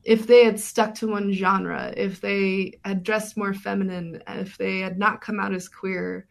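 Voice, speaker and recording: A woman's voice: mid-range voice, little pitch movement, a little slow, vocal fry. A woman documentary filmmaker being interviewed on radio, talking thoughtfully with many fillers and restarts.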